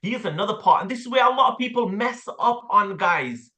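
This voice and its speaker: A man with an English accent coaching a sales team, blunt and animated, with casual slang and the odd swear word. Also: high voice, fairly quick, echoey room. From England. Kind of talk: sales training talk with role-play.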